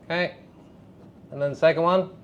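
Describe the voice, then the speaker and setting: A man giving a live drama workshop to high school students, chatty and self-deprecating, often turning to the class with questions. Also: fairly even intonation, a little fast, fairly bright tone, dull audio.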